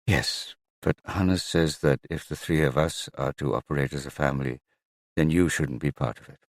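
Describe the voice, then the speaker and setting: A man's voice: very deep voice, fairly even intonation, normal speed, no echo, studio quality. A man voicing a guarded, unyielding mother who speaks in firm, clipped phrases, in an audiobook.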